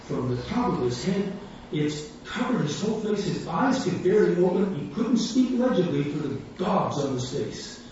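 A man's voice: sits high, big pitch swings, normal speed, few pauses, darkish tone. A man preaching a sermon, telling a story with animation and acting out the voices of the people in it. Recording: echoey hall, distant mic, dull sound, faint room hum.

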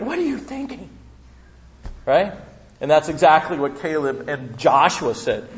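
A man preaching a sermon as pastor, telling the story with animated humor. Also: fairly high pitch, moderate pace, gravelly. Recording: dull lo-fi recording.

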